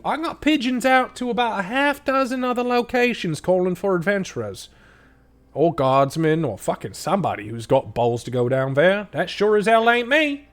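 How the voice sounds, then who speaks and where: A woman's voice: a little high, pitched above the performer's own voice, close to an everyday voice. A man doing a brash, foul-mouthed woman boss. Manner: crude, swears a lot, blunt.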